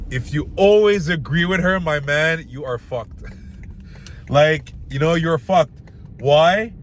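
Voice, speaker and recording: A young man talks straight to the viewer with a slightly raised pitch, giving blunt dating advice. His speech is loose and casual, full of fillers like "like" and "you know." Faint background noise sits under his voice. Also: a bit bright. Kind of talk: casual advice talk to camera.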